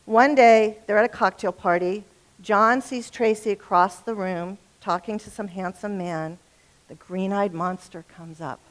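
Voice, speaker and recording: A woman's voice: medium pitch, steady tone, unhurried. A middle-aged woman giving a talk on relationships to a live audience. She is chatty and humorous and often turns to the room with questions. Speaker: relationship speaker.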